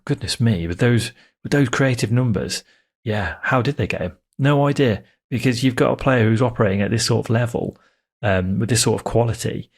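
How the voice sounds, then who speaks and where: A man's voice: on the low side, breathy edge. A man co-hosting a casual football podcast, chatty and enthusiastic. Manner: chatty, enthusiastic, with many fillers and restarts. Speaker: podcast co-host.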